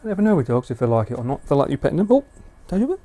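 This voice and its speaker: Late at night, a man streams live from his home, chatting easily and dropping into high, sing-song baby talk whenever he addresses a dog. His delivery races along yet stays mellow, with a sing-song lilt throughout.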